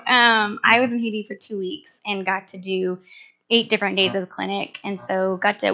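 A woman with a Minnesotan accent tells a church group about a medical mission trip in a chatty, unpolished way, full of "um"s and quick restarts. Her voice sits at an ordinary pitch but has a bright, forward edge. It comes through a handheld microphone on a dull, lo-fi recording. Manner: chatty, many fillers, quick self-corrections. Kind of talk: casual spoken report to a church group. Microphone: large handheld microphone. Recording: dull lo-fi sound.

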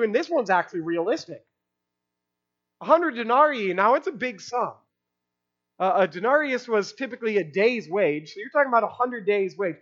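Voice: mid-range voice, expressive, normal speed, a bit bright, muffled recording. A preacher giving an expository sermon in a conversational way, asking rhetorical questions and using casual fillers.

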